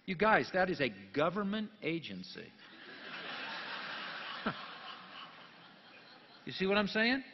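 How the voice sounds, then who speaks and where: A pastor giving a jokey sermon, dropping to quiet asides and then rising into loud, emphatic bursts. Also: male voice, sits high, big pitch swings, takes it slowly, long pauses, slight background noise. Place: church sanctuary. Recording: long church reverb, dull lo-fi sound.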